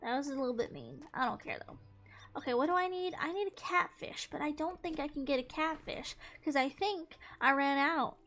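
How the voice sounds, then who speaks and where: Young woman streamer, high voice, playful banter over soft game music. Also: moderate pace. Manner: playful, mock-exasperated, talks to the fish. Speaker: gaming streamer. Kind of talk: casual gameplay commentary.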